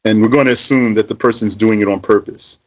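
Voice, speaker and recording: A man's voice: fairly low pitch, fairly even intonation, fast talker, poor audio. A man teaching a religious text, reading Arabic passages aloud and then explaining them in conversational, emphatic English. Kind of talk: reading and translating a text line by line.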